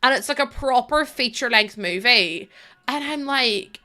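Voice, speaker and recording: A woman's voice: fairly high pitch, expressive, slow, long pauses, bright, forceful tone. A young woman streaming a game, chatting casually with her chat, thanking viewers and laughing often.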